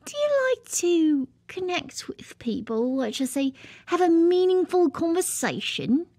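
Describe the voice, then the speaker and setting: A woman playing a slow airy therapist. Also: extremely high pitch, wildly swooping pitch, no echo, clean studio sound, full character voice. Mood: calm. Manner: slow, breathy, drawn-out delivery. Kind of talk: cartoon voice acting.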